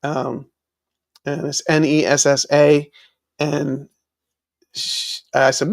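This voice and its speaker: A man's voice: fairly high pitch, flat delivery, slow pace, gravelly, pauses often. A man hosting a live stream, chatting casually with viewers, with many fillers and restarts. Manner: reads and answers viewer chat.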